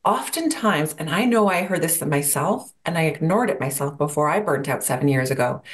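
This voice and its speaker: A woman's voice: low-pitched, expressive, moderate pace. A woman guest on a podcast, talking about burnout in a reflective coaching manner and posing rhetorical questions. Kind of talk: interview answers.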